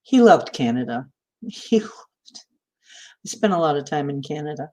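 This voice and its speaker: A radio-trained woman with a flat Midwestern announcer accent, hosting a casual livestream and chatting with viewers as she reads their comments, laughing often. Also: deep voice, a little slow, pauses often. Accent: flat Midwestern American, announcer style. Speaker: host of a spiritual livestream.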